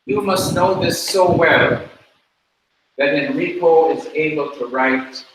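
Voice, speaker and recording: A man teaching a class, talking slowly and repeating words for the students to drill. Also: fairly high pitch. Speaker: Hebrew teacher. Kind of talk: classroom lecture. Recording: very echoey room, mic far off, faint noise.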